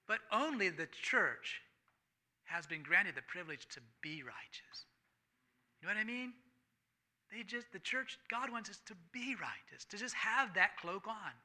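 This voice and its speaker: A man preaching a sermon, swinging between loud emphatic lines and hushed near-whispers, and reading scripture aloud with rising fervor. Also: high-pitched, expressive, a little slow. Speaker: pastor.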